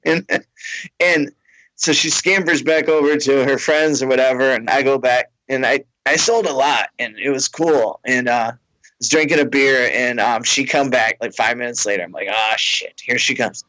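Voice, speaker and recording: A man's voice: mid-range voice, normal speed, sharp tone, no room sound, low-quality recording. A man and comedian telling a story in a rambling, self-mocking way, laughing between lines. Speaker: comedian, podcast host. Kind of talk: casual storytelling.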